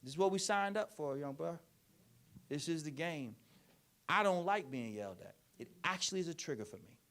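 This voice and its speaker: A man giving a keynote speech and answering audience questions, telling stories with emphatic, repeated phrasing. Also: a little high. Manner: animated storytelling, acts out parents and children in quick voices; emphatic, repetitive rhetorical phrasing. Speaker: keynote speaker.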